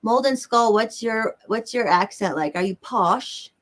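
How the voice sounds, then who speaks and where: A woman's voice: on the high side, animated, a little slow. A woman with a Southern American accent, hosting a livestream and chatting casually with viewers in a rambling way. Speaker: livestream host. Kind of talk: casual chat answering viewers.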